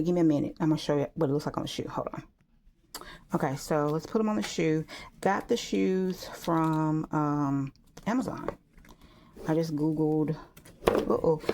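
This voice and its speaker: A woman chatting casually and excitedly while making a gift on camera, full of exclamations. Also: low-pitched, slight background noise. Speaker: crafter vlogger. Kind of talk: casual talk while crafting.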